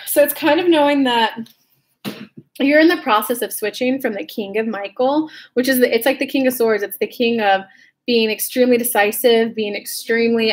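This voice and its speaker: A young woman from California chats her way through a horoscope card reading, friendly and upbeat. Her voice sits a little high, and she talks in a loose, conversational way. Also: brisk. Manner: chatty and upbeat, laughs at her own slips. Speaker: intuitive card reader.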